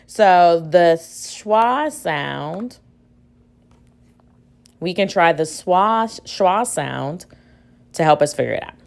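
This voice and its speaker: Slow, patient woman teaching a reading lesson. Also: on the low side, vocal fry. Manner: slow, patient, models sounds aloud. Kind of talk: recorded reading lesson for children. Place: at home.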